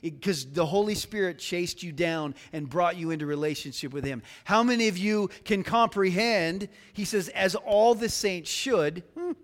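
Chatty male pastor, light and joking, slightly high voice, preaching in a reverberant church. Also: normal speed, few pauses. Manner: chatty and joking, many fillers and restarts. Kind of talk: casual conversational sermon. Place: church sanctuary.

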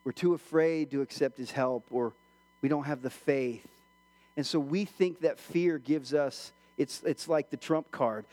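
High-voiced male pastor preaching in a reverberant church. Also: measured pace. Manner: animated, acts out quoted voices. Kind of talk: sermon.

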